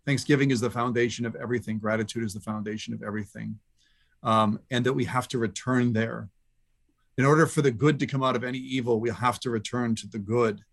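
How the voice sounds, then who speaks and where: A middle-aged man, a podcast guest, telling a personal story in an earnest, reflective way with halting restarts. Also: medium pitch, fairly even intonation, vocal fry.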